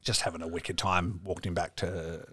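A young man chats loosely on a podcast, stringing a story together with swearing and asides. His voice sits on the low side. It is recorded dry and close, with no room sound. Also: flat delivery, moderate pace, sharp tone, slightly rough, no room sound. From Australia. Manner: rambling, profane storytelling with laughs. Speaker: podcast co-host. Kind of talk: casual podcast chat.

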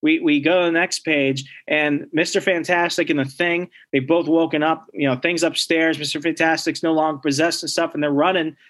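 Man, casual chat, slightly high voice, animated storytelling, recaps a comic. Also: normal speed, hardly any pauses. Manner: animated storytelling, acts out characters' lines. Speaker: comic book podcast co-host.

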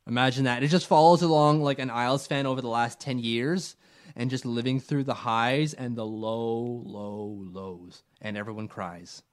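A man's voice: mid-range voice, fairly even intonation, normal speed. A young man co-hosting a casual sports chat, joking and acting out silly voices as he talks. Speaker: podcast co-host.

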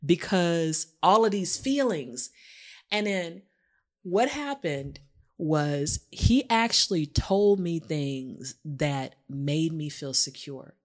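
A woman's voice: fairly low pitch, lively intonation, slow pace. A woman co-hosting a podcast, talking in a casual, informal way and acting out her own thoughts as she tells a personal story. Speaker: podcast co-host. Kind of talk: casual conversation.

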